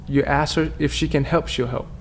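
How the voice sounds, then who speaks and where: A man's voice: on the high side, fairly even intonation, normal speed, slight background noise. A man from China, a podcast guest telling his life story earnestly and candidly, often restarting his sentences. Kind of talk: personal storytelling in conversation.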